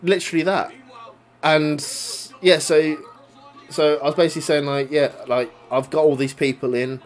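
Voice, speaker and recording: This young adult man's voice sits a little high, and his delivery is flat at a moderate speed. In laid-back chat he lays out a grudge, peppering it with profanity and laughing as he goes.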